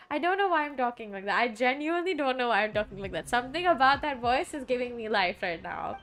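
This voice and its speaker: A woman's voice: a little high, expressive, fast, few pauses, fairly bright tone. Chatty woman streaming a game. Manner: casual, chatty, joking, swears. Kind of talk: gameplay commentary.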